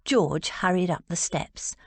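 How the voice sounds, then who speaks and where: A woman reads a historical romance audiobook slowly and deliberately. Her pitch rises and falls freely as she narrates, and the sound is close and dry. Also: lively intonation, husky, no room sound.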